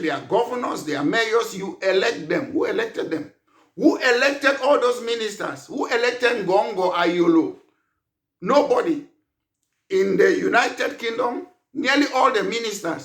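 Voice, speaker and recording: A man's voice: sits high, a bit bright, roomy sound. A man leading a political party, delivering an emphatic political monologue full of rhetorical questions. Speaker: party leader.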